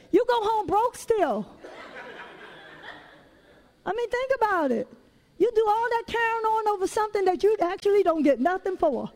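High-voiced woman preaching with lively folksy asides. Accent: Southern US. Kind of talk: sermon.

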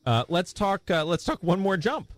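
A man's voice: high-pitched, very animated, moderate pace. A man co-hosting a casual podcast, thoughtful and agreeable, often restarting his sentences. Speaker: podcast co-host. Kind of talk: casual chat.

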